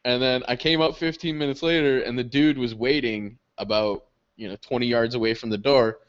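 A young man co-hosting a podcast, telling stories in casual chat. He swears often, laughs through his stories and jumps high when he quotes other people. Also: fairly even intonation, a little fast. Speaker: podcast co-host. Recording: dull lo-fi podcast audio.

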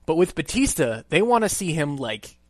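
A man co-hosting a casual wrestling podcast, talking in a relaxed, hesitant way. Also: fairly high pitch, moderate pace, dry recording. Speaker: podcast co-host.

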